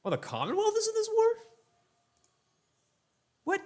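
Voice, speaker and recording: A man's voice: very high voice, huge pitch swings, unhurried. Laid-back man narrating his strategy game. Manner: chatty, laid-back, addresses viewers as ladies and gentlemen. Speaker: let's play host. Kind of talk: casual gameplay commentary.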